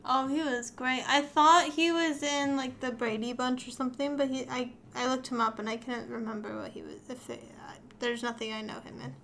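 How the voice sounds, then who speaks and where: A woman co-hosting a casual movie podcast from home, animated and quick to laugh and react. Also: high-pitched, slight background noise. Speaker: podcast co-host.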